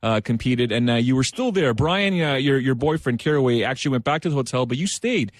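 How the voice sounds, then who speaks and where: Fast-talking male sports radio host. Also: mid-range voice, dry recording, clean studio sound. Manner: energetic, filler-heavy.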